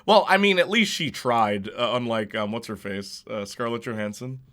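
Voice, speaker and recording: This is casual stream chat from a young man playing a video game, full of rambling, restarts, and frequent laughter. His mid-range voice has a fairly bright tone, and his pace is moderate.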